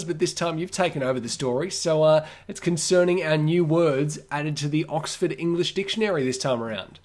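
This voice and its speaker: A man, co-hosting a casual news podcast in a relaxed way and plugging the show. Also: a little high. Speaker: co-host.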